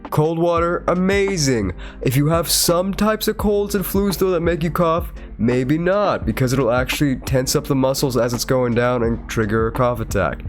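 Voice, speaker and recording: Nasal from a cold, a man hosting as a VTuber ranks foods on a tier list from his room, chatting and rambling with chuckles. His voice is a little high, his pace moderate with hardly any pauses, and soft music plays in the background.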